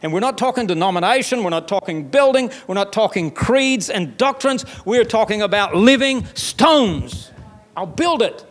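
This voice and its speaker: A male pastor with a Southern US accent preaches in a fairly high voice. He talks in a folksy, emphatic way and pushes up into loud, rising stretches. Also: animated, moderate pace, few pauses. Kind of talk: sermon.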